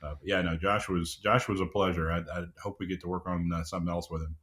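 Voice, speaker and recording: A middle-aged man speaking as an audiobook producer and guest, talking in a measured, unhurried way with frequent "uh"s and restarts. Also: low-pitched, little pitch movement, a bit bright. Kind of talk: casual interview chat.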